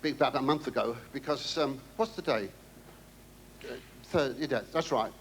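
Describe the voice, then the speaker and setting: In a noisy live recording aboard a navy ship, a British comedian performs for the crew with a medium-pitched voice at a moderate pace. His rambling, camp stand-up monologue is full of theatrical, cheeky asides.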